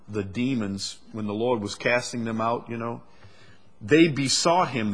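Man, preacher, husky voice, emphatic sermon delivery, scripture reading. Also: on the low side, a bit bright. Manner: emphatic preaching with rising intensity on scripture quotes.

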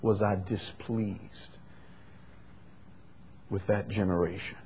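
Husky-voiced man preaching a Bible study. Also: fairly low pitch, expressive, unhurried. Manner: rises to loud emphatic repetition, then drops to quiet explaining.

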